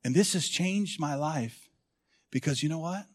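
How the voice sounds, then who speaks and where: Rousing pastor, hushed to loud. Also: male voice, unhurried. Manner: swings from hushed, intimate lows to loud rousing calls with the congregation. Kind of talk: sermon.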